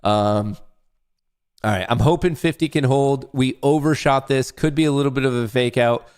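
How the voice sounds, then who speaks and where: In a smooth, slightly mellow mid-range voice at normal speed, a young livestream host talks through his day trading. It's casual commentary, loose and jokey, with swearing and frequent asides to chat.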